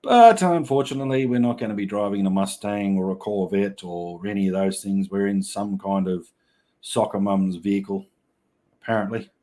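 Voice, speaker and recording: A man's voice: on the low side, moderate pace, warm tone. An Australian man with an Australian accent hosting a livestream, chatting casually in rambling, joking banter. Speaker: livestream host.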